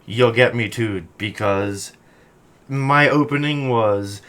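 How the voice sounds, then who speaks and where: A man hosting a comedy podcast, brash and profane, mocking his guests loudly one moment and muttering the next. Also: mid-range voice, takes it slowly. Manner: animated, swings between loud and quiet. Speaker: podcast host. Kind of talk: crude comedic podcast banter.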